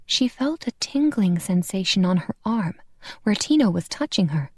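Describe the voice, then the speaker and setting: An expressive woman reads romance audiobook narration, her pitch moving in a lively way. The recording is dry and close, with no room sound. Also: normal speed, no room sound. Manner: expressive, voices every character. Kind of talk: scripted narration.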